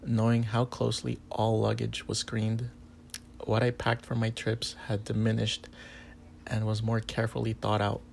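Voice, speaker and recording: A man narrating a first-person erotic story in a calm, even way. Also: on the low side, vocal fry, slight background noise.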